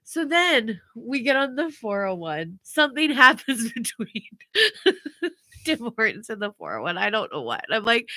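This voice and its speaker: Mom podcast co-host, bright voice, dry close sound, animated storyteller. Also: female voice, fairly high pitch, a little slow, no room sound. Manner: animated storytelling, acts out family members' voices, laughs often. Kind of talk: casual chat.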